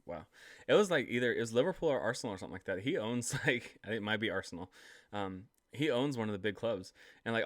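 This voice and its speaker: Low-voiced rambling young man vlogging. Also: a bit bright, no echo, studio quality. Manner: rambling, self-deprecating, lots of fillers. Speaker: sports vlogger. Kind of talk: casual solo commentary.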